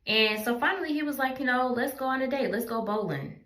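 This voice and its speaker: A woman's voice: on the high side, brisk, fairly bright tone, echoey room. A woman telling a casual story time, animatedly acting out the people she quotes. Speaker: storyteller in clip.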